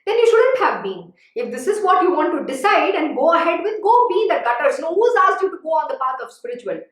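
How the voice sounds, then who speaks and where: A woman's voice: very high-pitched, big pitch swings, fast talker. A woman giving a sermon-style exposition of scripture as a spiritual teacher, speaking emphatically and admonishing her listeners. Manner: emphatic, admonishing, repeats warnings. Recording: very echoey room.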